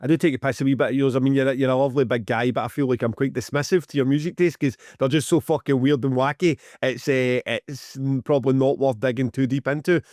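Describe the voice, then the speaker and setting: A man's voice: medium pitch, steady tone, quick pace, hardly any pauses, a little mellow, no room sound, clean studio sound. A Scottish man co-hosting a podcast in casual, sweary, teasing chat. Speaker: podcast co-host.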